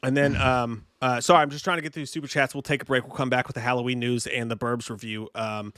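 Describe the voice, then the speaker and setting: A man's voice: medium pitch, fairly even intonation, fast talker, a bit bright, no echo. A man hosting a casual live stream, reading viewer messages with a lot of laughter and swearing. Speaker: host.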